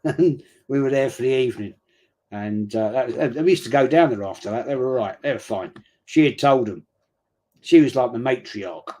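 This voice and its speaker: Brief: middle-aged man, mid-pitched, blokey slang, easygoing rambling storyteller hosting a match watch-along. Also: darkish tone. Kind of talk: casual live chat during a football match.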